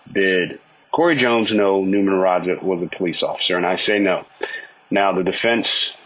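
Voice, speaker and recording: A man with a low, husky voice breaks down a court case in a persuasive, argumentative way. He keeps throwing rhetorical questions at the listener and acts out the quotes he cites. The recording sounds dull and lo-fi. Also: a bit bright.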